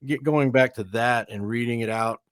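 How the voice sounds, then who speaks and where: A man's voice: mid-range voice, moderate pace, clean tone, dry recording. A man with a Texan twang, guesting on a casual interview podcast. He tells stories in an easygoing, chatty way, full of little asides, in a mid-range voice. The recording sounds dry and close. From Texas. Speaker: guest, veteran and author.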